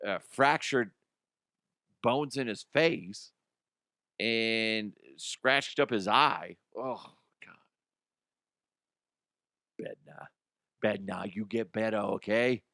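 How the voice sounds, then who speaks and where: A man in his thirties or forties hosting a comedy news podcast, talking bluntly and profanely, swinging between heated rants and quiet asides. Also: mid-range voice, clean tone, dry recording, studio quality. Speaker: podcast host. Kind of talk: casual comedic news commentary.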